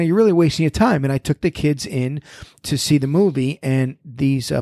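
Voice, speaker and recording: A man's voice: fairly high pitch, no room sound. A pastor tells his stories in a slightly raised voice, acting out both sides of each exchange. The sound is dry and close, with no room around it. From United States. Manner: storytelling, animated, quoting exchanges. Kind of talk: conversational panel discussion.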